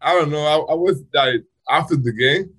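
Husky man in halting second-language English. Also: fairly high pitch, fairly bright tone. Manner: halting non-native English with frequent restarts. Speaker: baseball player guest. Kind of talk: casual interview talk.

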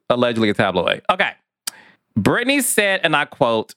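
A man's voice: a little high, sharp tone, clean tone, dry recording, clean studio sound. A man hosting a gossip podcast, sassy and chatty, calling listeners "child" and "honey". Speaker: podcast host.

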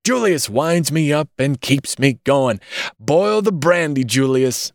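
A man's voice: a little high, expressive, slow, no room sound, studio quality, voice pushed up. A man voicing a drunken ranting man in rags, roaring in a wild, slurred way.

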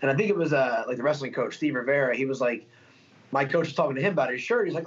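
Young man, fighter, interview guest, fast talker, rambling, filler-heavy, muffled lo-fi sound. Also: mid-range voice. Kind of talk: casual interview talk. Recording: dull lo-fi sound.

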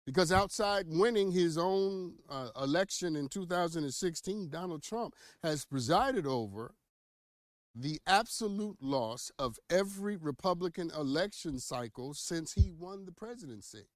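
A man hosting a podcast, giving playful, teasing commentary on headlines with dramatic swings in loudness. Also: on the high side, expressive, moderate pace, no echo. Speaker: podcast host. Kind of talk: casual political commentary.

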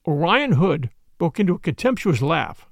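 A man's voice: on the high side, very animated, moderate pace, creaky, no echo, studio quality. A man reading a story aloud as narrator, telling it expressively. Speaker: audiobook narrator. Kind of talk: scripted narration.

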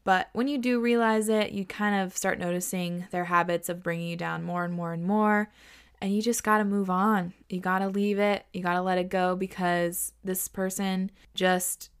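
Woman, twenties, podcast host, casual advice chat, candid, chatty, swears, smooth clear voice. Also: on the low side, fairly even intonation, normal speed.

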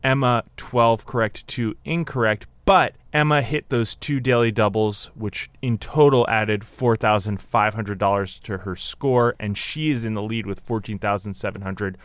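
A man co-hosting a podcast, walking through game scores and stats in a measured casual chat. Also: on the low side, fairly bright tone, no echo. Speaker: podcast co-host.

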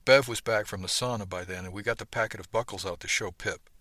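A man reading a first-person story aloud, steady and conversational. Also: lowish voice, fast talker, dry recording. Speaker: audiobook narrator. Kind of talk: first-person audiobook narration.

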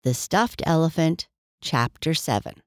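A woman narrating a bedtime story in a slow, gentle, soft-spoken way. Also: deep voice, lively intonation, no room sound, studio quality.

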